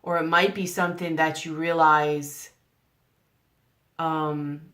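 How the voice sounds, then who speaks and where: Woman, tarot reader, deep-pitched voice, earnest, coaxing, rhetorical questions. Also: flat delivery, slow pace, fairly bright tone. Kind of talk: general tarot reading to camera.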